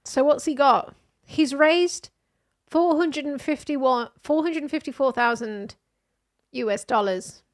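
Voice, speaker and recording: A woman streamer reading news posts aloud and reacting in a casual, animated way, with exclamations. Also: sits high, measured pace.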